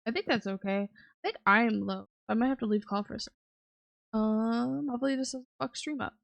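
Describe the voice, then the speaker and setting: Rambly, slightly high-pitched woman streamer. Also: a little fast, creaky. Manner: rambling, lots of fillers, giggly. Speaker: livestream host. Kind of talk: casual chat.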